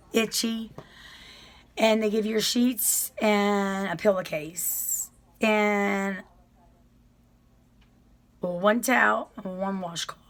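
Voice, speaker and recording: A middle-aged woman vlogger with a mid-range, slightly bright voice tells viewers about her prison experience. She's chatty and rambling, often apologizing and restarting her sentences.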